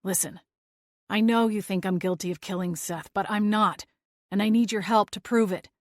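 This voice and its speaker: A woman voicing a stressed, anxious young man who pleads in a strained, soft voice. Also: mid-range voice, steady tone, moderate pace, dry recording, studio quality, natural voice.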